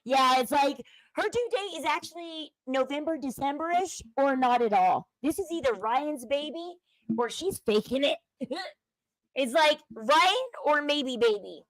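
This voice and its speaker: A woman with a high-pitched, expressive voice speaks a little slowly while hosting a casual livestream, chatting with viewers and offering her opinions. She's chatty and opinionated, reading the chat aloud as she goes. The recording is rough, with no room sound.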